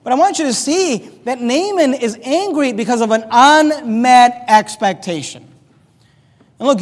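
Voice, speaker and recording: A man preaching a sermon, his voice sitting unusually high as he reads scripture and acts out the quotes. The sound rings with the long reverb of a big church hall. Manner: animated preaching, reading scripture aloud, acting out quotes. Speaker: pastor.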